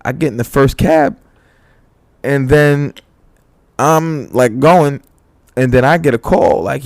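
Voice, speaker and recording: A young man co-hosts a podcast, telling a story in casual chat, swearing freely and acting out quotes in a raised voice with plenty of animation. He takes it slowly and pauses often, his medium-pitched voice showing vocal fry. The studio sound is clean, with no echo.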